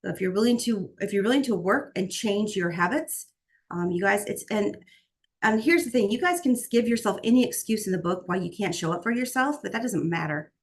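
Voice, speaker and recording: Woman with a gravelly, earnest voice. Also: mid-range voice, lively intonation, a little fast. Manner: warm, earnest, faith-filled, many restarts. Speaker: guest speaker. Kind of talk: motivational talk on a group call. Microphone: video call.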